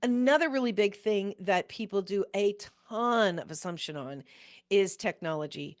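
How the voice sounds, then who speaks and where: A middle-aged woman hosting a motivational business podcast, earnest and quick to laugh while telling stories. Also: medium pitch, lively intonation. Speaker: podcast host and business coach.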